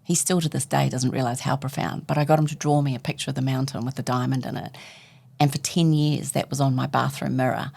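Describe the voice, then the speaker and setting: A woman's voice: a bass voice, steady tone, fast, gravelly, warm tone, breathy edge. A woman, a guest author telling a personal story in conversation and acting out the dialogue as she goes.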